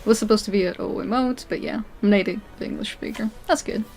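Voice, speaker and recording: A young woman from Portugal live-streams a video game, chatting casually with her viewers in a quick, medium-pitched, slightly mellow voice. She answers chat, laughs often, and tends to trail off.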